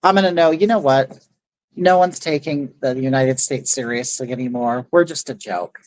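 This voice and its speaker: A woman's voice: extremely low pitch, moderate pace, a little mellow, dry recording, poor audio. A middle-aged woman hosting a casual livestream, telling a neighborhood feud story in an indignant, rambling way and reading chat aloud. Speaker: livestream host.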